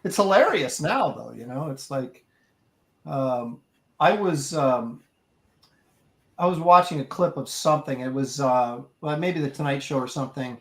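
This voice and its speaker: A man's voice: medium pitch, expressive, a little slow. A man co-hosting a casual chat, telling rambling stories and laughing often. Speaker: artist co-host.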